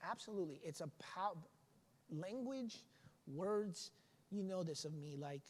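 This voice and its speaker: A man's voice: high-pitched, expressive, a little slow, in a large hall. A man who is a pastor talks in a casual podcast discussion. He is earnest and a bit preachy, and he often restarts his sentences.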